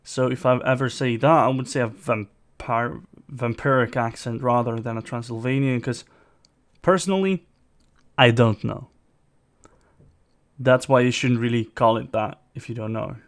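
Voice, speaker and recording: A man from Sweden with a mid-range voice and normal speed does casual reaction commentary as a video host. He's rambling and opinionated, full of fillers, and his non-native English accent sounds partly British, partly American.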